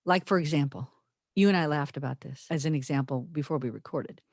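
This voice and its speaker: Earnest woman podcaster, low and dry. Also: fairly quick, a little mellow, dry recording. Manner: earnest, thoughtful, emphatic. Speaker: podcast co-host. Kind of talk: reflective podcast conversation.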